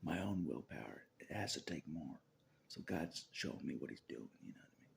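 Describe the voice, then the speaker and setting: A man's voice: rumbling low, lively intonation, a little fast, vocal fry, a little hiss or hum. A man vlogging in a rambling religious monologue, laughing often and dropping into whispers.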